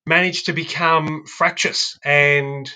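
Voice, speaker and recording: Bright-voiced Australian man, wry and halting. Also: on the high side, fairly even intonation. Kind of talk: casual podcast chat.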